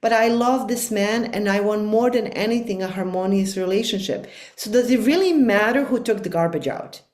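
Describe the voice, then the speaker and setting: A woman's voice: mid-range voice, moderate pace, a little mellow, reverberant. A middle-aged woman speaking as a life coach guest on a podcast, talking in an earnest, reflective and emphatic way. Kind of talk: podcast conversation.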